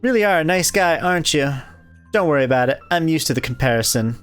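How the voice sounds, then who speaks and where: Perky forward schoolgirl, man voicing, light and lively, playfully teasing. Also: a little high, fast, clean tone, soft background music, pitched above the performer's own voice. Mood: chipper. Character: chipper, forward teenage schoolgirl from a rich family.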